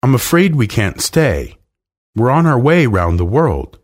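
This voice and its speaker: A man voicing a brisk, firm nanny in a storybook reading. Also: mid-range voice, big pitch swings, voice pushed up. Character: prim, firm nanny Mary Poppins.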